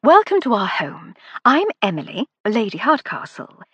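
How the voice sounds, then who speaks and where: A gracious, refined aristocratic lady of the house, as a woman narrator puts her on. The voice lifts well above the reader's usual register and keeps a light, breathy edge. Her manner is polished and welcoming. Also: fairly high pitch, sing-song, moderate pace, a bit bright, dry recording, lo-fi sound, pitched above the performer's own voice, exaggerated voice. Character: gracious upper-class English lady of the house.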